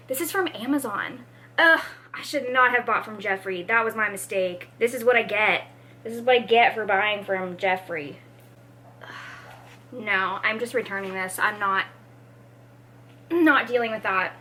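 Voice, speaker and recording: A woman's voice: medium pitch, unhurried, long pauses. A young woman vlogging casually about books, chatty and dramatic with lots of fillers. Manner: animated, dramatic, many fillers. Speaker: book vlogger. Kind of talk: casual vlog chat.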